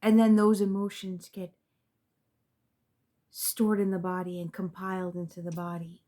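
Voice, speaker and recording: A woman giving a spiritual tarot reading to her viewers, reflective and earnest, often repeating words and trailing off softly. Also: fairly low pitch, little pitch movement, a little slow. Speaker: tarot reader.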